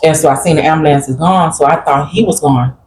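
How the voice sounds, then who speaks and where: A woman's voice: sits low, fast, darkish tone, slight background noise, low-quality recording. A woman guest earnestly recounting a personal grief story in a plain-spoken group conversation. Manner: earnest, plain-spoken, quotes family members while recounting.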